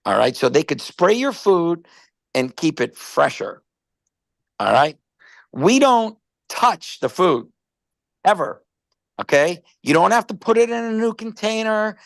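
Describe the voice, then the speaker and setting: Gravelly, animated man telling stories. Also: high-pitched, unhurried, pauses often, no room sound. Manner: rambling storyteller, animated, repeats words. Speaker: company presenter on a product stream. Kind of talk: casual live product chat.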